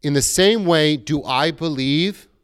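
A man's voice: fairly high pitch, a little slow, clean tone, dry recording, studio quality. A middle-aged male pastor giving a conversational sermon, acting out quoted dialogue as he goes.

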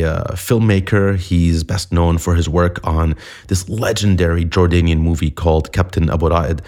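A man's voice: sits low, darkish tone. A man hosting a podcast in a chatty, self-deprecating monologue, a little sniffly from a cold. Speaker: podcast host.

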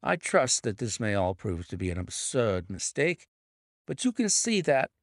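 A man's voice: medium pitch, very animated, unhurried, no echo, studio quality. A male audiobook narrator voicing a bewildered, flustered police inspector who exclaims and protests. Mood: formal.

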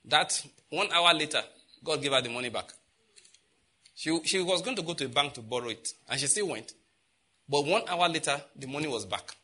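A middle-aged male pastor preaching a sermon, telling stories and rising to loud, impassioned outbursts. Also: a little high, expressive, normal speed.

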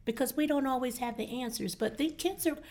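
Calm, measured woman therapist. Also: high-pitched. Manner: calm, measured, even-tempered. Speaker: therapist guest. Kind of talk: casual conversation about parenting.

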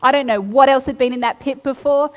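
A woman preaching a sermon, reading scripture aloud and then retelling it with animated, acted-out quotes. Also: high voice, fairly quick, muffled recording. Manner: animated storytelling, acting out quotes. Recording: long hall reverb.

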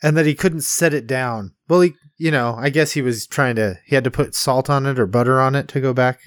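A man's voice: medium pitch, brisk, no echo, clean studio sound. A man co-hosting a casual movie review chat, rambling and laughing often as he acts out lines from the film. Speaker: podcast co-host.

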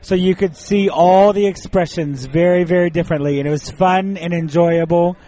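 A man chatting on a podcast, enthusiastic and a bit rambling, with a slightly high male voice. He talks in loose, conversational runs. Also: normal speed, mellow, rough recording. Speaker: podcast co-host. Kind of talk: casual chat.

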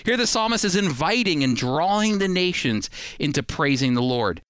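Lively, bright-voiced male Bible teacher. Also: a little high, normal speed, clear, resonant tone, dry recording, studio quality. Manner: expressive, reads scripture aloud with feeling; repeats key points for emphasis.

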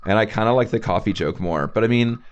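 A man's voice: lowish voice, quick pace, dull audio. A man co-hosting a casual podcast, laid-back and slangy, leaning on filler words. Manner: laid-back, slangy, says "dude" and "like" a lot. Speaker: podcast co-host. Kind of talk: casual chat reviewing a TV show.

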